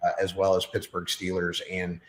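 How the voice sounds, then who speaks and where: Low-voiced rambling man, roomy echo. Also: monotone, moderate pace. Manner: rambling, chatty, many fillers. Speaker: podcast guest. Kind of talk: casual chat.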